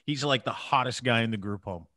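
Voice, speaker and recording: A man in casual podcast banter, telling stories loosely and with plenty of swearing. His voice sits at an ordinary pitch and sounds close and dry, with no room around it. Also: a little fast, bright, forceful tone, no echo. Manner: profane storytelling, drops into a low breathy impression. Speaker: podcast host.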